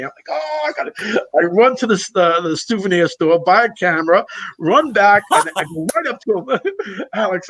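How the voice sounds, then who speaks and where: A man, a guest drummer, telling road stories in casual chat, animated, acting out what people said and laughing often. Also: high-pitched. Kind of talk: casual storytelling.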